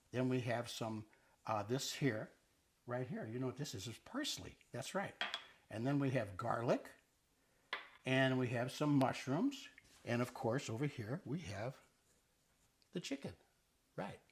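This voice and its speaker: A man's voice: mid-range voice, a little hiss or hum. Guy hosting a cooking show in his kitchen, playful and chatty, tosses in italian words. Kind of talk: casual cooking demonstration. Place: kitchen with island and stovetop.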